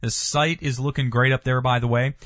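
A male host with a mid-range voice reads a scripted closing for his show in a smooth announcing manner. The recording is dry and close, with no room sound. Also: mid-range voice, steady tone, a little fast, fairly bright tone, no room sound. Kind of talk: radio-style show sign-off.

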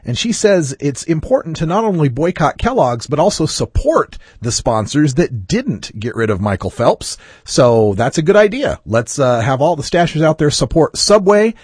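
Male podcast host, husky, animated delivery, dry close sound, wry casual chat. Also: on the high side, moderate pace, hardly any pauses, no echo. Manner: lively, wry, chatty delivery.

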